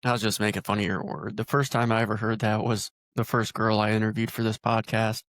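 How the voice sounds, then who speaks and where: A man's voice: lowish voice, flat delivery, a little fast, a bit bright, no echo, studio quality. A man from northern Iowa hosting a podcast, teasing his guest in a joking, casual chat. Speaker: podcast host.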